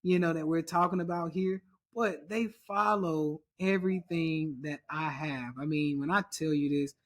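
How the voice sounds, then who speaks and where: A man's voice: fairly high pitch, normal speed. A man teaching trading in a casual chart walkthrough, emphatic and repetitive, drilling his points home.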